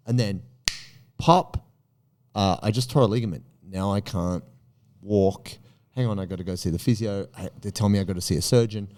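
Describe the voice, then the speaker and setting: A man hosting a podcast, talking in an emphatic way and jumping up high in pitch for punchy questions. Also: moderate pace, warm tone. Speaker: podcast host. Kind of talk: animated podcast monologue.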